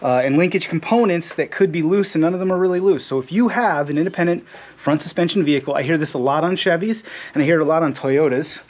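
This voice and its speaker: A man hosting a garage video, explaining a repair in a relaxed, chatty way with joking asides. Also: a little high, quick pace. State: slightly out of breath. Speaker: garage channel host. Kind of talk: casual how-to explainer. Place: home garage.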